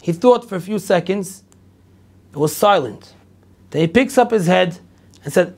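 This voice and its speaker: A man's voice: high voice, moderate pace, gravelly. A middle-aged man, a rabbi telling a personal story to an audience and acting out the dialogue, with lots of repetition. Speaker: rabbi lecturer.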